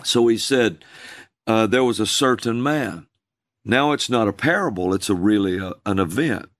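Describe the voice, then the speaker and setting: A man, a minister, telling a personal story in conversation, slow and drawn out. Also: dry recording, studio quality. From USA. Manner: slow, drawn-out storytelling with calls acted out in a high voice.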